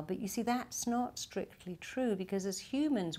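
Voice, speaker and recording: A woman's voice: medium pitch, moderate pace, hardly any pauses, warm tone. An older woman giving a direct-to-camera self-help talk, acting out quoted voices in short bursts. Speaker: therapist and self-help speaker.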